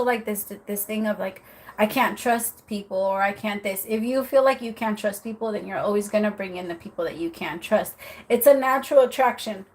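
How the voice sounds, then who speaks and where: A woman's voice: mid-range voice, low-quality recording. A woman giving tarot readings on a live stream, chatty and apologetic, laughing often. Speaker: tarot reader.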